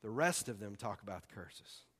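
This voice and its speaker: Excitable preacher in a reverberant hall. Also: male voice, lowish voice, normal speed. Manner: folksy, excitable preaching with sudden loud bursts. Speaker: pastor. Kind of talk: sermon.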